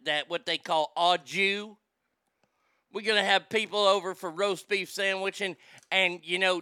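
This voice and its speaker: A man putting on the voice of a loud, nosy older church lady with a Southern drawl who talks slowly and fumbles for her words. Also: high voice, smooth, dry recording, studio quality, exaggerated voice. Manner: loud, slow, showy.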